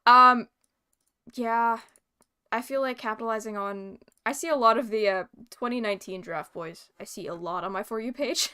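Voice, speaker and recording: A young woman from British Columbia talks casually as a guest, rambling with plenty of fillers. Her voice sits a little high and has a bright, crisp edge. Her tone is smooth and clear. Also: normal speed. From British Columbia, Canada. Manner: chatty, rambling with many fillers and laughs. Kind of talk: casual chat.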